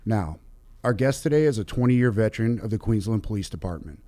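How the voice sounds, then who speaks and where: A man hosting a podcast interview, chatty and energetic, laughing often as he talks. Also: lowish voice, brisk, no room sound. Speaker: podcast host.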